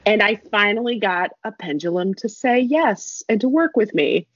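A woman's voice: medium pitch, animated, normal speed, dry recording. A young woman telling a rambling story in casual chat, laughing and adding asides as she goes. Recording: dull lo-fi dry recording.

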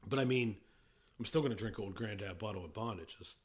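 A middle-aged man co-hosting a casual chat, rambling and often breaking off mid-sentence, quick to laugh. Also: lowish voice. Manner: rambling, self-interrupting, laughs easily. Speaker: podcast co-host, whiskey industry veteran.

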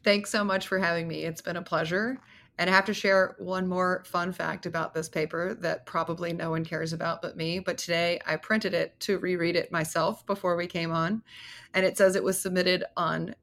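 A woman's voice: lowish voice, little pitch movement, normal speed, gravelly, a bit bright. A woman in her thirties, a guest researcher, talking cheerfully and chattily on a podcast. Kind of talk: casual chat.

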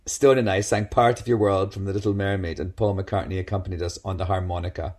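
A middle-aged man, chatting as a guest and telling lively anecdotes, often slipping into quoted voices. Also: sits low, fast. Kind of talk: casual chat.

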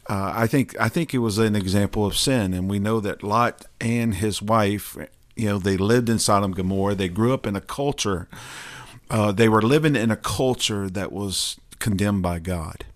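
Male podcast co-host, lower voice, hesitant and filler-heavy as he thinks aloud. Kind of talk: casual Bible discussion.

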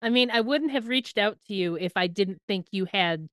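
A woman's voice: mid-range voice, animated, normal speed, fairly bright tone, dry recording, clean studio sound. A woman hosting a podcast, chatting casually and encouraging her guest. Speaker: podcast host. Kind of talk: casual interview chat.

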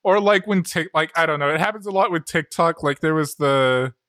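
A man chatting casually on a podcast, quick and emphatic, often restarting his sentences. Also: a little high, fairly bright tone, no echo, studio quality. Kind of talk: casual chat.

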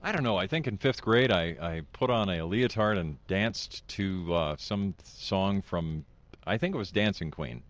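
A man's voice: low-pitched, unhurried, dry recording, lo-fi sound. A man, a podcaster and voice performer, chatting as an interview guest and slipping into funny voices. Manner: animated, slips into funny voices. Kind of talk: casual interview chat.

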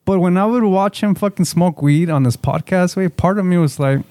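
A man's voice: sits high, brisk, dark tone, no room sound. A man co-hosting a casual podcast, talking in a profane, rambling way full of filler words. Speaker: podcast co-host.

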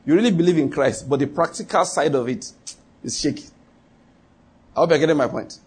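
A man's voice: fairly high pitch, brisk, darkish tone, husky. A man preaching a sermon as pastor, emphatic and repetitive, often quizzing the congregation with rhetorical questions.

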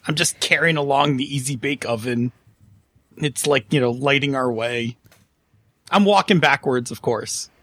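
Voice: mid-range voice, moderate pace, a bit bright, dry recording. A player in a tabletop game, joking along with the group.

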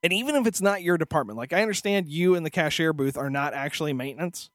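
A man's voice: a little high, lively intonation, fast talker, fairly bright tone, no echo, clean studio sound. A man co-hosting a podcast, telling a story as a profane, exasperated rant in casual chat. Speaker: podcast co-host.

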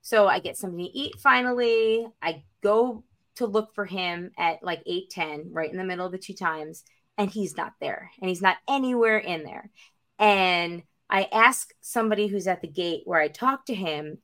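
A woman co-hosting a podcast, telling a story in a lively, casual way, acting out other people's voices and swearing freely. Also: mid-range voice, normal speed. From North Carolina. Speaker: podcast co-host.

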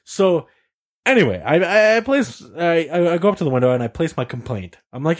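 A man's voice: a little high, big pitch swings, fairly quick. A young man telling a story in casual chat, acting out quotes and swearing often. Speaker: podcast co-host telling a story.

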